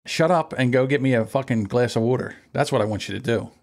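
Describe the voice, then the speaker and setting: A man's voice: mid-range voice, quick pace, darkish tone. A man co-hosting a podcast, blunt and impatient, swearing as he chats casually. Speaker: podcast co-host.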